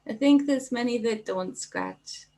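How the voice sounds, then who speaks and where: A woman's voice: a little high, wildly swooping pitch, a little slow, a little mellow, rough recording. A middle-aged woman with a Geordie accent hosting a casual livestream as a spiritual coach, reading out viewer comments and greeting people by name in an affectionate, chatty way. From North East England.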